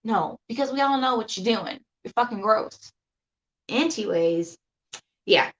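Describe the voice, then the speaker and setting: A woman's voice: medium pitch, lively intonation, unhurried, lo-fi sound. Casting: woman livestream host, blunt and profane, rambling rants into a laptop mic. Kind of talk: casual ranting livestream.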